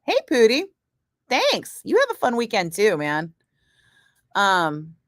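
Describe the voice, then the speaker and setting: A woman's voice: medium pitch, huge pitch swings, no echo, studio quality. A middle-aged woman, a radio DJ, chatting casually with viewers on a livestream, blunt and swearing freely. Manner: blunt, swears freely, quick asides to chat. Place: home studio. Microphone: studio microphone.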